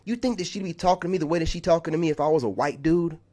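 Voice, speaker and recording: His voice is a little high and darkish in tone, and he races along. A content creator delivers a heated, exasperated vlog monologue, repeating his story and peppering it with "man."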